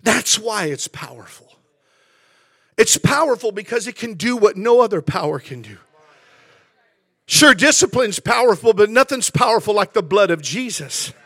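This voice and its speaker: A male pastor with a very high, bright voice delivers an impassioned sermon, swinging between hushed reflection and fervent shouting. He repeats words as he builds momentum, and the sound is close and dry with no room around it. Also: expressive, normal speed, slightly rough, no room sound. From California. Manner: impassioned preaching that swells to shouting, with repetitions.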